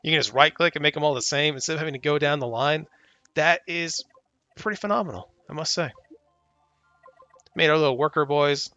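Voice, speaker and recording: A young man talks over his own gameplay from a home desk mic, excitable and quick to get exasperated. His voice sits a little high and comes across bright and forceful, jumping up when he pleads with the screen. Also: dry recording, dull audio, soft background music. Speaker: gaming YouTuber. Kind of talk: casual gameplay commentary.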